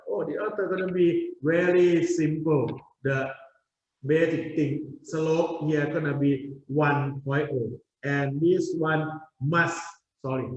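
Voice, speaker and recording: A man's voice: on the high side, a little mellow, slight background noise. A male university lecturer giving a lecture, explaining step by step and often checking in with "okay?". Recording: roomy, dull lecture recording.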